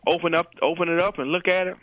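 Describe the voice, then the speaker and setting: A man, a guest, telling a story with animated quoted dialogue and lots of "you know" fillers. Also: a little high, fast, no echo, rough recording.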